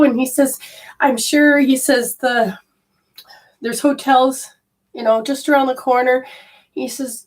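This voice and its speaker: A woman's voice: fairly high pitch, fairly even intonation, moderate pace, far from the mic. A woman telling a personal story in a talk, acting out the quoted dialogue in a chatty way. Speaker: spiritual healer giving a talk.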